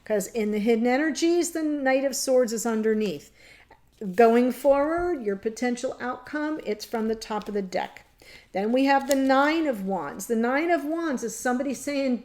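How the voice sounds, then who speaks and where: A woman with a slightly high voice gives a tarot reading. She speaks straight to her viewers, earnest and openly emotional. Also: expressive, measured pace, a little mellow. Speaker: tarot reader. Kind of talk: casual tarot reading to camera.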